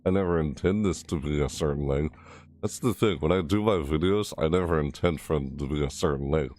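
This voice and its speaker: A man's voice: a bass voice, brisk, a little mellow. A man chatting casually on a live stream, rambling, reading chat messages aloud and chuckling.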